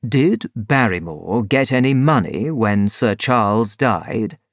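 A man voicing a calm, shrewd middle-aged detective in a storybook reading, low and measured. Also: no room sound, studio quality. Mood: thoughtful.

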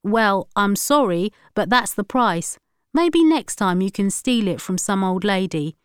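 A woman's voice: medium pitch, animated, measured pace, clear, resonant tone, dry recording, clean studio sound, close to an everyday voice. A woman reading the part of a sarcastic, condescending male ticket seller. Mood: sneering.

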